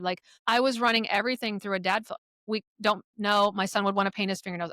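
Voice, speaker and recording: A middle-aged woman speaking as a podcast guest, telling her own parenting stories candidly, with blunt language and lively acted-out quotes. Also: mid-range voice, fast talker, dry recording, clean studio sound. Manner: frank, profane, animated retelling of quotes. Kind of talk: candid conversational storytelling.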